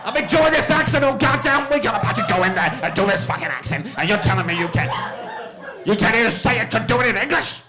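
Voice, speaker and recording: A man doing a loud, outraged ranting guy. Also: expressive, fast, loud music behind the voice. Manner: loud, high, exasperated shouting. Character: outraged, swearing man ranting about an accent.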